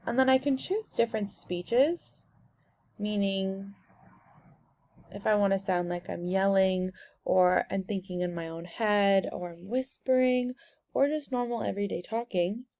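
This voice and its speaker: A young woman walking through a software tutorial step by step in a casual, explaining way. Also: medium pitch, unhurried, no room sound. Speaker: instructor.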